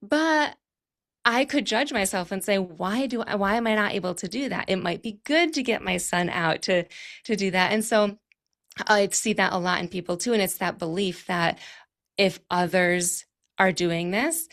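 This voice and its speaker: This is a woman in her thirties with a mid-pitched voice, sitting as a podcast guest. She talks things through reflectively and thinks aloud as she goes. Her sentences wind on at length before they land. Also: normal speed, fairly bright tone. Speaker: podcast guest, clarity coach. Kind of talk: conversational interview.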